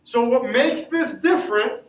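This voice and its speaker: In an echoey classroom recorded from a distance, a man with a very high voice teaches Spanish grammar a little slowly. He puts questions to the students and then answers them himself in this classroom lesson.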